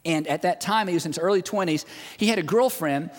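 Man, pastor, sermon, conversational storytelling, high voice, reverberant church hall. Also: fast. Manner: conversational storytelling, retelling a friend's words. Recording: long reverb of a large hall.

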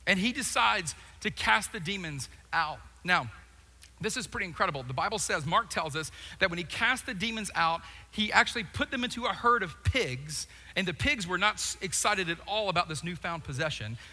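A man preaching a sermon, telling the story with humor, quick asides and acted-out voices. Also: high voice, expressive, sharp tone. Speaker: pastor. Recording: long hall reverb.

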